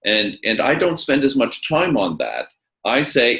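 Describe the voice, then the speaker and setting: Emphatic man with lively pitch. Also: unhurried, echoey room, rough recording. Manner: emphatic, repeats words when starting a thought. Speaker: interviewer and communications coach. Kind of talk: animated conversational interview.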